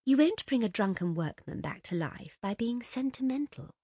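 A woman reading a story aloud, voicing an impatient, condescending older sister who talks with sharp, cooing sarcasm. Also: a little high, lively intonation, normal speed, breathy edge, no echo, clean studio sound, voice pushed up. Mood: sarcastic.

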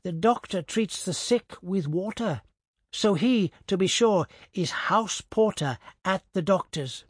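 A frail old peasant man from an audiobook story, meek and gentle, with a weak, thin, raised voice, put on by a male narrator. The reading is close and dry. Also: high voice, animated, slow pace, husky, no echo, voice pushed up, exaggerated voice.

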